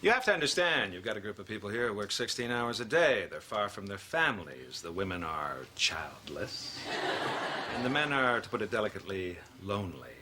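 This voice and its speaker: An actor playing a pompous, condescending male news anchor with a deadpan delivery. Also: fairly low pitch, a little fast. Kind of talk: sitcom acting. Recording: noisy TV episode with clicks.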